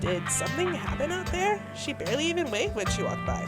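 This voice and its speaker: A chatty young small-town woman from a story game, eager to share gossip, as a woman reads her. Her voice runs highish and bounces around a lot. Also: big pitch swings, fairly quick, loud music behind the voice.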